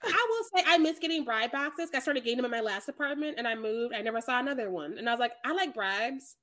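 A woman with a notably high voice co-hosts a casual podcast chat. She talks animatedly, laughs often and acts out what people said. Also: animated, fast, sharp tone. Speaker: podcast co-host.

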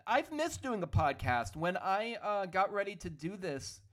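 A man hosting a solo podcast, ranting in an animated, opinionated way with a hoarse, worn-out voice. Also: high voice, measured pace. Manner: animated, opinionated, hedging with "allegedly". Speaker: podcast host. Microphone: studio podcast microphone.

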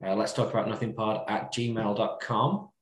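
Easygoing podcast host in a roomy echo. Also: male voice, on the low side, little pitch movement, moderate pace. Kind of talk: casual chat.

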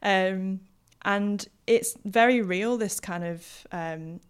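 A woman's voice: mid-range voice, slow pace, smooth. A young woman with a Yorkshire accent tinged with Hull, a linguist talking through her ideas with lots of ums and restarts. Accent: Yorkshire with some Hull. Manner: thoughtful, many fillers and restarts. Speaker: guest historical linguist. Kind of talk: casual podcast interview.

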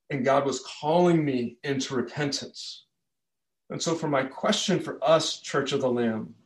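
A man's voice: mid-range voice, roomy sound. A man preaching a sermon, telling a story in an earnest, conversational way. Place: church.

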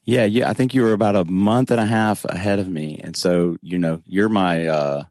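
Southern US man, deep voice, unhurried and rambling, as an interview guest. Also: darkish tone, no echo, clean studio sound. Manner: slow, meandering, halting restarts. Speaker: podcast guest. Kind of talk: casual interview chat.

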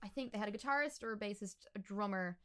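A young woman musician, a guest on a podcast, chats casually in a fast, medium-pitched, slightly bright voice. She laughs often and fills her talk with lots of "like."

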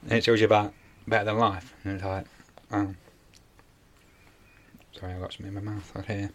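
A man's voice: on the low side, level tone, a little fast, fairly bright tone. A man, casually retelling a TV episode on a podcast, rambling with many fillers. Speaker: podcast co-host. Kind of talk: casual chat.

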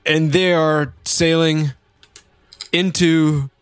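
A man hosting a casual comedy chat, reading his own strange script aloud in a halting, playful way. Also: on the high side, flat delivery, clean tone, no echo, faint music behind.

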